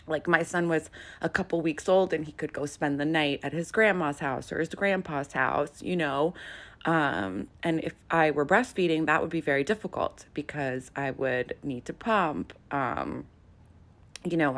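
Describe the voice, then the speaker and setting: A woman vlogging casually at home into a handheld phone, drawling with vocal fry and filling her talk with "like" and "um". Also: low-pitched. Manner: drawling, peppered with "like" and "um". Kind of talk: casual confessional vlog talk.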